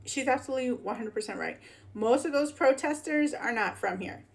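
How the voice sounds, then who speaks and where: A woman's voice: high voice, expressive, a little fast, creaky. A woman with a Chicago accent talking casually in a vlog, slangy, rambling and fired up. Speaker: vlogger.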